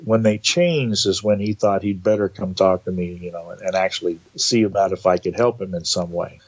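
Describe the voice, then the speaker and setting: A man telling a personal story in a casual, animated way, acting out the quoted dialogue. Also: sits low, fairly quick, breathy edge, highs cut off. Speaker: guest telling of entity encounters.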